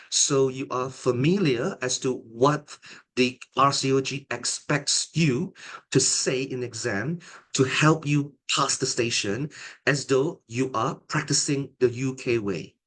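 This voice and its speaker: Calm and deliberate, a middle-aged tutor and examiner in a mid-range voice delivers an online exam-prep lecture. He frequently starts his phrases over.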